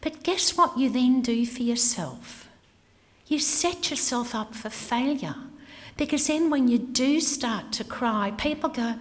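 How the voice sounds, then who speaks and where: An Australian woman in middle age gives a frank personal talk, letting her voice drop to a whisper for emphasis. Her voice sits high with lively intonation and a slightly slow pace, and the hall around her has long reverb.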